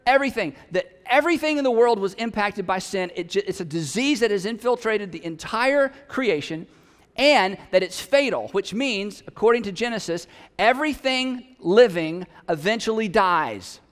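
A man's voice: high voice, lively intonation, normal speed, in a large hall. A man preaching a sermon in a conversational, humorous way, with emphatic peaks. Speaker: pastor.

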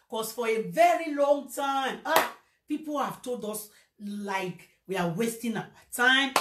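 A woman with a Nigerian accent telling a personal story in a casual livestream, animated and slipping into Pidgin. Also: sits high. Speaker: social media presenter. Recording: echoey room.

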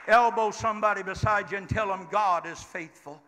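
An older man preaching a Pentecostal sermon in a church, leading the congregation in call-and-response and building up to shouts. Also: high voice, fairly quick, hardly any pauses, a faint crowd. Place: church sanctuary. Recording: church hall reverb with congregation.

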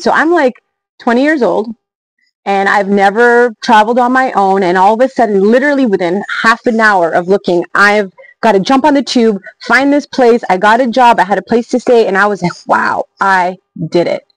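Energetic woman telling travel stories. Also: mid-range voice, no room sound, poor audio. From Canada. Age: 40s. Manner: energetic, emphatic, chatty. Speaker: travel vlogger. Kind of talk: motivational storytelling vlog.

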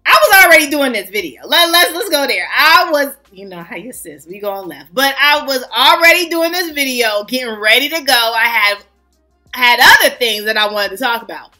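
A woman hosting a casual fragrance review vlog, chatty and excitable, greeting her viewers as family. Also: sits high, moderate pace, faint music behind. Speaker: fragrance vlogger host.

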